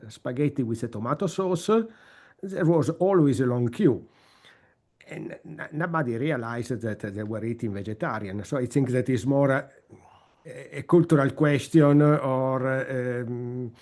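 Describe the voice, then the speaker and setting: A man's voice: medium pitch, darkish tone. A man from the Mediterranean in his fifties or older, co-hosting a webinar and telling a personal story while searching for words. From Mediterranean region. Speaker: co-host.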